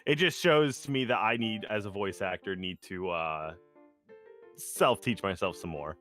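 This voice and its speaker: A voice actor co-hosting a podcast, talking excitably in rambling bursts full of restarts. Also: low voice, moderate pace, soft background music. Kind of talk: casual chat with live audition reads.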